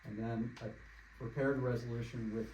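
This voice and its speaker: A man who is a township official gives a measured, orderly walk-through of proposed resolutions for the board. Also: medium pitch, little pitch movement, mellow. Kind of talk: formal procedural explanation. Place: township meeting room. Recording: echoey meeting room, faint noise.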